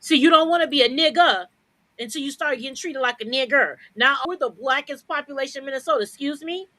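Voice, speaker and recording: A woman's voice: sits high, quick pace, sharp tone, no echo, rough recording. A woman co-hosting a podcast, ranting in a blunt, profane, confrontational way. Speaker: podcast co-host. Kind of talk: heated podcast rant.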